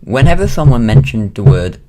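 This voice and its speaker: His pitch is medium but swings widely, his pace brisk and his tone dark. He's a Welsh vlogger in his late teens with a British accent, filming a rambling home monologue packed with ums and restarts.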